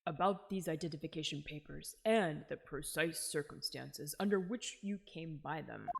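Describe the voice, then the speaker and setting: A woman's voice: low-pitched, normal speed, vocal fry, voice pushed down. A woman voicing a theatrical French male master criminal with a put-on French accent, haughty and scolding, over background music.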